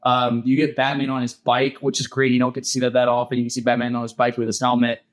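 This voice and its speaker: A man's voice: mid-range voice, completely flat delivery, fast talker. A man co-hosting a podcast, eagerly retelling a cartoon episode in casual chat with many restarts. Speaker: podcast co-host.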